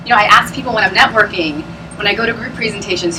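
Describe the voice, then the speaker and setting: A woman's voice: mid-range voice, quick pace, recorded from a distance, background noise. A woman presenting at a business opportunity meeting, chatty and bubbly, often laughing as she talks to a live audience. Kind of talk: sales pitch talk to a live audience.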